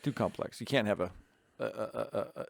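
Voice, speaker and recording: A man's voice: on the low side, brisk, gravelly. A man co-hosting a podcast, adding dry, wry comments on politics. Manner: dry, wry asides and agreement. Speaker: podcast co-host. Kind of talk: casual political chat.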